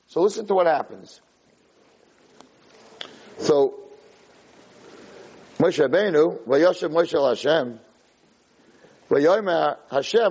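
A man's voice: a little high, animated, normal speed, pauses often, darkish tone, slightly rough, poor audio. A man teaching a sermon on the weekly Torah portion, telling the story animatedly and mixing in Hebrew terms. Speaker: rabbi lecturer.

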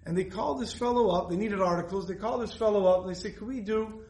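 A man's voice: sits high, racing, darkish tone, echoey room, low-quality recording. A man teaching a Torah lesson, telling stories earnestly and repeating phrases for emphasis.

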